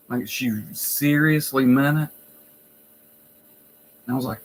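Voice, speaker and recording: A man's voice: on the high side, animated, measured pace, long pauses, rough recording. A man who works in a nursing home, telling stories in a blunt, profane, wry way. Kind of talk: casual storytelling vlog.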